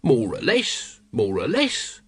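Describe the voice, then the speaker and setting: A man's voice: medium pitch, huge pitch swings, takes it slowly, breathy edge, no room sound, heavily acted. A man voicing a lazy, cynical watchman who mumbles and rambles evasively. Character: shifty seasoned male watchman, lazy and cynical.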